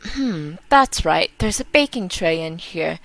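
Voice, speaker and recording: A woman's voice: lowish voice, animated, measured pace, fairly bright tone, dry recording. A woman giving game commentary as she plays, musing and half-reading to herself. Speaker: let's play host.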